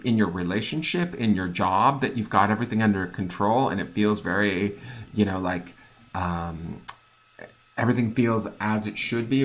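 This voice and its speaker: A man with a fairly low voice talks through a tarot reading in a loose, conversational way. He hunts for words, leans on fillers and keeps asking whether it makes sense. His delivery lilts upward at times. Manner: chatty and searching, full of fillers and checks for understanding; lilting, upspeak-prone delivery. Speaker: tarot reader. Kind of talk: casual spoken tarot reading.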